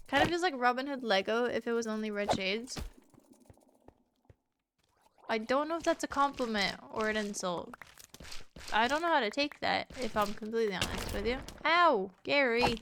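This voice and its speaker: A woman's voice: fairly high pitch, noisy background. A woman streaming a game live, chatting casually with her viewers, teasing and swearing freely. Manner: swearing, teasing and chatty, talking to chat and a pet. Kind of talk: casual live-stream chat while gaming.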